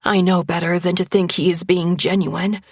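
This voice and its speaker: A woman reading a first-person romance story aloud in a tense, breathy storytelling manner. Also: lowish voice, little pitch movement, normal speed, a little mellow, no echo, studio quality. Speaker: narrator.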